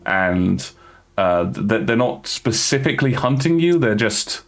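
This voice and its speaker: Low-voiced man running a tabletop game. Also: animated, gravelly. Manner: halting, many fillers and restarts. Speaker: game master.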